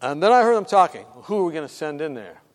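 A man's voice: a little high, quick pace, big-room sound. A man telling a story from his hospital work in a sermon, acting out the voices and dropping to whispers. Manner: animated, acts out voices, drops to whispers.

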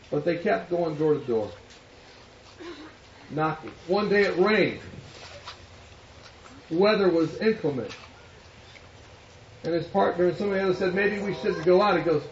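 Preaching in an echoey hall, a man tells a sermon story and voices the people in it, animated and high-pitched at normal speed with long pauses. The distant mic gives dull sound with a little hiss or hum.

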